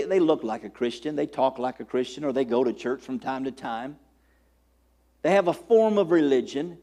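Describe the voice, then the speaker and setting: A man's voice: fairly high pitch, darkish tone. A middle-aged man preaching a sermon as pastor, building to emphatic call-outs and asking the congregation for an amen.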